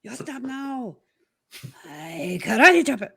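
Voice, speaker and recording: A woman's voice: fairly high pitch, very animated, slow pace, vocal fry, a bit bright, breathy edge, pitched above the performer's own voice, heavily acted. A woman putting on an exaggerated mock accent as a scolding figure, in clipped broken phrases.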